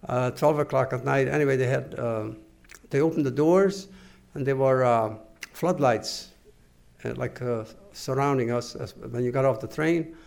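An older man giving oral history testimony to an interviewer, halting and earnest, with many pauses and restarts. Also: medium pitch, vocal fry, darkish tone. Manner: measured, earnest recounting.

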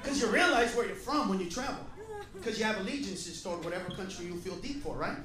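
A man doing a profane, animated stand-up routine in a live comedy club, with audience laughter behind him. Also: high voice. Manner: profane, rapid, animated storytelling. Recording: echoey live club from far off, loud crowd. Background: crowd laughter.

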